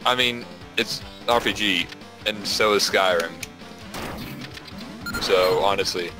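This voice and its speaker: A man in a relaxed, rambling, casual chat with friends during a game session. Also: sits low, takes it slowly, music in the background.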